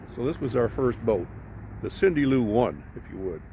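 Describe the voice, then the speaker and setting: A man talks into a handheld camera outdoors, his voice sitting at an ordinary middle pitch. He rambles through a homespun story in a folksy way, full of "you know" and "anyway." Steady traffic and open-air noise run clearly behind him. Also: normal speed. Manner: rambling, folksy, with frequent fillers. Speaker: widower vlogger. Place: outdoors at a boat launch by a creek.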